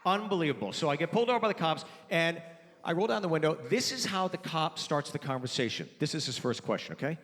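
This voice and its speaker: Stand-up comic, slightly high voice. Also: male voice, lively intonation, fast, fairly bright tone, big-room sound. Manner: conversational storytelling, acting out both sides of dialogue. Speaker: stand-up comedian. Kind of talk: stand-up comedy set. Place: theater stage before a live audience. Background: audience laughter.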